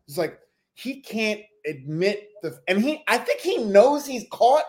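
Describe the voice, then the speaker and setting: Animated high-voiced man recapping TV. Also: measured pace. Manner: animated, acts out quotes, swears. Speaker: podcast co-host. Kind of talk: casual reality TV recap chat.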